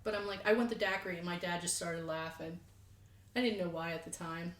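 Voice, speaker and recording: A woman's voice: fairly low pitch, normal speed, echoey room. A woman co-hosting a podcast, chatting casually and acting out her own past lines as she tells stories. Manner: chatty storytelling, animated quoting of herself. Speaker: podcast co-host. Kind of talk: casual chat.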